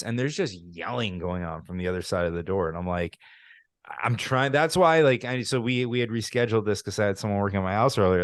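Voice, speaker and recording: Casting: very low-voiced male host, chatty, dry close sound, home office. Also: no room sound. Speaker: podcast host. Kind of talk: casual interview conversation.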